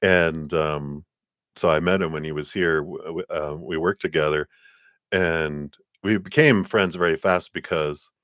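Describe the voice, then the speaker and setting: Low-voiced, chatty man reading tarot. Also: unhurried, no echo, clean studio sound. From lives in Colorado. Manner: chatty, laughs often, animated storytelling. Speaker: tarot card reader. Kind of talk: live-streamed tarot reading.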